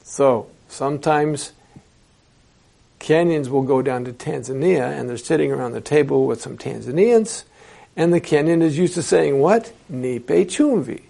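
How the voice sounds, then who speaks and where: Male translation instructor, classroom lecture, rough gravelly tone, rhetorical questions to the room. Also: on the high side, warm tone.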